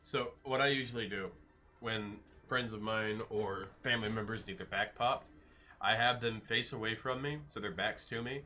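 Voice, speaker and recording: Bright-voiced man chatting casually with viewers. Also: on the low side, moderate pace. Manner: rambling, joking, reads out chat names. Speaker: streamer.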